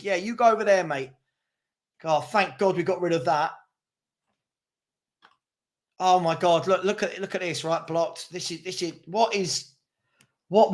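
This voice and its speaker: A young man hosting a live football watchalong, calling the play and ranting at his chat. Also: high voice. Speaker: watchalong host. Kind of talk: live match commentary and chat.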